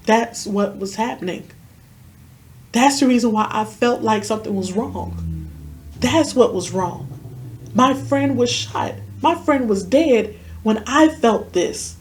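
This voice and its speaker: A woman guest on a podcast, her voice a little high and her pace moderate, tells a personal story. She acts out the lines people said, vividly and earnestly, with a lot of emotion.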